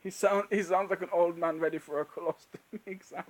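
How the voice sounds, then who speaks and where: A man's voice: sits high, fairly even intonation, a little fast. A man hosting a live Q&A stream, chatting casually and laughing often as he answers viewers.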